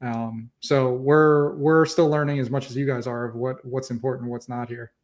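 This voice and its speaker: Flat-voiced man explaining on a stream. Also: medium pitch, normal speed. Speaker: co-host. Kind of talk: casual live-stream chat.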